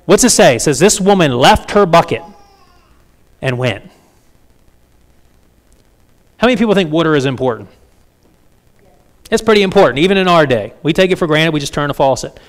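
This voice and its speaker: Pastor with a fairly high voice. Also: male voice, animated, moderate pace, long pauses. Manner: conversational, asks the congregation frequent questions. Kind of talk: sermon.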